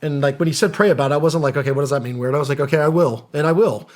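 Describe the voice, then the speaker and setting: A man's voice: fairly high pitch, racing, a little mellow. A middle-aged man, a guest on a podcast, telling his story casually and earnestly, acting out quoted dialogue and using casual slang. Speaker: podcast guest, former special operations soldier.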